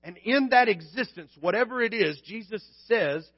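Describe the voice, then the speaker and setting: A man's voice: high-pitched, lively intonation, moderate pace, slightly rough, no echo, lo-fi sound. A man preaching a sermon in a conversational way, acting out quoted lines with humor. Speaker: pastor.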